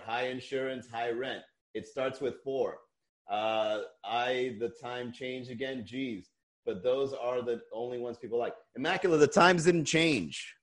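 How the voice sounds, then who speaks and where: A man hosting a live-streamed comedy podcast, chatting loosely with viewers, swearing and ranting between laughs. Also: medium pitch. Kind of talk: casual chat reading viewer comments.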